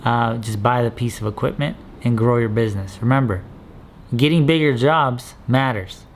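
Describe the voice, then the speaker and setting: A man with a gravelly, middle-pitched voice coaches people starting out in landscaping in his vlog. He talks in punchy, straight-talking bursts and leans on "dude" and "okay?" to drive points home. Faint outdoor ambience sits behind him at the job site. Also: slight background noise. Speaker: landscaping contractor. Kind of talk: motivational business vlog.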